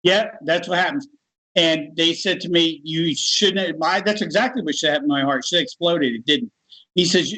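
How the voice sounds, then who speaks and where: Animated storytelling American man. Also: on the high side, moderate pace, poor audio. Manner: animated, laughs while telling. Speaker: guest. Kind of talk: casual storytelling.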